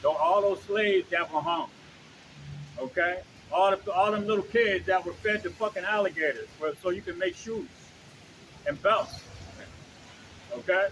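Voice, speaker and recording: A man with a high-pitched voice preaches outdoors in a blunt, profane, emphatic way. He keeps checking in with the listener between points. Faint traffic hums behind him. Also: fairly bright tone, low-quality recording. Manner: blunt, profane, emphatic, keeps asking okay and you know. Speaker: street preacher.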